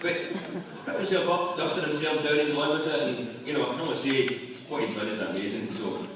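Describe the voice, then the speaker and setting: A man giving a comic after-dinner speech at a company event, telling jokes in a dry, deadpan manner. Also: a little high, brisk. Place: large function room at a company event. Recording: echoey hall from far off with room noise.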